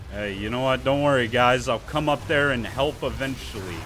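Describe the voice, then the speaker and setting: Young man, gameplay commentary, playful and jokey, bright forceful voice, fairly high, music faint behind. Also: expressive, a little slow. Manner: playful, talks to enemy players, jokey asides. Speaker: gaming YouTuber.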